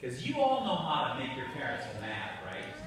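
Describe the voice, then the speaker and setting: A man's voice: medium pitch, huge pitch swings, moderate pace, a crowd in the background. A man giving a homily to children in church, chatty and coaxing as he asks them questions. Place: large church. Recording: echoey church from far off.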